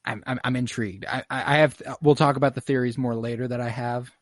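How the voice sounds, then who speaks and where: A man hosting a podcast over a video call, recapping an episode in excited casual chat, with plenty of fillers and swearing. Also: medium pitch, quick pace, dry recording, clean studio sound. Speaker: podcast host.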